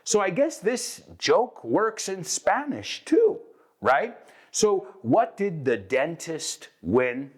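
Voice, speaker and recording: A man's voice: high voice, big pitch swings, takes it slowly. A man hosting a bilingual English lesson, explaining with lots of energy and acting out example lines, switching between English and Spanish. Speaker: English teacher and host.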